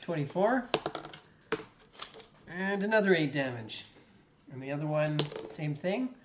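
A game master calmly narrating a tabletop game and calling for dice rolls, in a measured manner with fillers. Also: mid-range voice. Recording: echoey room with background noise.

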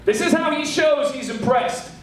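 A man preaching to his congregation with lively, joking delivery, often acting out the lines of the people in his story. His voice sits very high for a man and rings through a large echoey hall, caught from some distance off the mic. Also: moderate pace, a little hiss or hum. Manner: animated, joking, acts out quotes. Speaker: pastor. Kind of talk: sermon.

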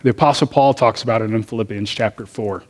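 A man's voice: on the low side, fast. A man, a pastor, preaching a sermon and telling personal stories in a conversational way. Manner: conversational storytelling, personal anecdotes.

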